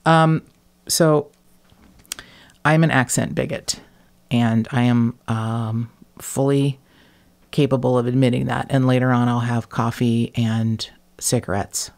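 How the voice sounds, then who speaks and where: Female podcast host, gravelly, chatty and self-deprecating. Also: extremely low pitch, steady tone, takes it slowly, long pauses, a little mellow. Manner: chatty, self-mocking, swearing. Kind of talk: casual chat.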